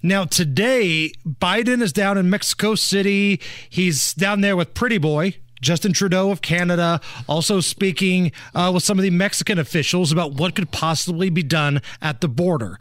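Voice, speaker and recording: A man's voice: high voice, normal speed, hardly any pauses, a bit bright, no echo, clean studio sound. A man hosting a political talk show, laying out the story and firing off pointed rhetorical questions. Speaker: host.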